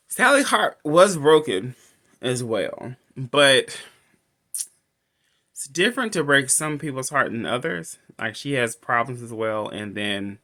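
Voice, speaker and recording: Male reviewer, casual rambling recap, very lively pitch. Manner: rambling, restarts often, laughs between lines. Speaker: movie reviewer.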